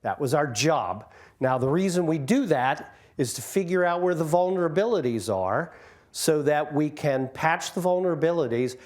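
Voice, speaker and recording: A man's voice: on the high side, lively intonation, normal speed, darkish tone. A man in his sixties, a guest speaker telling jokes and stories about his career to a community audience on a microphone. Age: 60s. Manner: joking, self-deprecating storyteller. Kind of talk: informal talk to an audience. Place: community hall.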